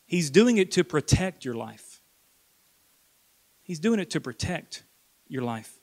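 A man preaches a sermon in a slightly higher-than-usual voice. He is earnest, repeats words for emphasis and drops to a hush on key points. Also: sing-song, slow. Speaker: pastor.

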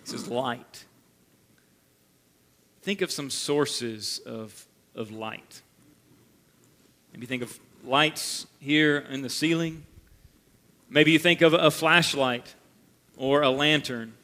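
A man's voice: mid-range voice, pushed and bright. Earnest preaching man in a reverberant hall. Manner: earnest, measured preaching with emphatic repetition. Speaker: pastor. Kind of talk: sermon. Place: church sanctuary. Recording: long reverb of a church hall.

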